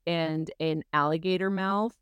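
A woman's voice: fairly low pitch, steady tone, a little slow, a bit bright, clear, resonant tone, no room sound. A woman co-hosting a podcast in casual chat, joking and adding wry asides. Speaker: podcast co-host.

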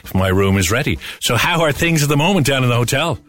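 A man's voice: medium pitch, animated, fast, a bit bright. A man presenting a radio show in a chatty manner, with wry asides. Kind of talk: casual radio chat.

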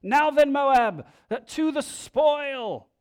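A preacher putting on gloating ancient soldiers with an odd accent. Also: male voice, lively intonation, slow pace, exaggerated voice. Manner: odd made-up accent, loud and high. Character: gloating male ancient soldiers eager for plunder. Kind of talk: scripture reading with acted voices.

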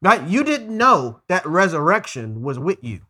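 Animated bright-voiced male preacher. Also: high-pitched, a little slow. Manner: earnest, stumbles and repeats words while preaching. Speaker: pastor. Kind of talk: conversational sermon.

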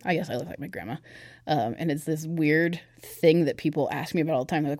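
Talking fast in a low, darkish voice, a young woman tells her personal story as a podcast guest. She's candid and conversational, using lots of fillers, and the studio sound is clean with no room sound.

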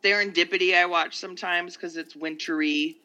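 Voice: medium pitch, fairly even intonation, normal speed, sharp tone. A podcast co-host in casual chat, swearing freely and trailing off mid-thought.

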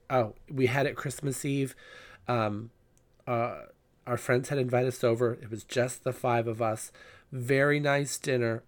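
A man's voice: mid-range voice, fairly even intonation, a little slow. A man hosting his own podcast, telling a story in a chatty, gossipy way and swearing freely between many fillers. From Southern California. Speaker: podcast host. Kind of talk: casual storytelling monologue.

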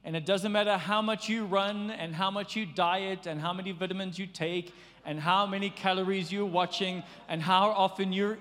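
High-voiced preacher in an echoing hall. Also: male voice. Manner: animated, conversational preaching with playful acted asides. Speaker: pastor. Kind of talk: sermon.

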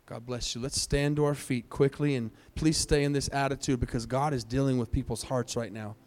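A man's voice: medium pitch, steady tone, fairly quick, a little mellow. Earnest man preaching an altar call. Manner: earnest, pleading, repeats phrases. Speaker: pastor. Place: church service.

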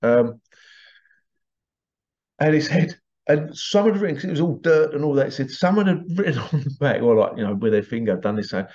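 A man's voice: medium pitch, lively intonation, moderate pace, darkish tone. A man hosts a show and tells anecdotes in a loose, chatty way. He often cracks up laughing as he talks, and his voice sits in an ordinary middle register. The recording is a bit dull and lo-fi. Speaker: host. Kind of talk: casual anecdotal storytelling.

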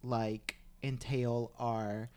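A man's voice: mid-range voice, level tone, drawn-out words, a little mellow, smooth. A man hosting a casual podcast chat, sassy and gossipy, swearing freely. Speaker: podcast host.

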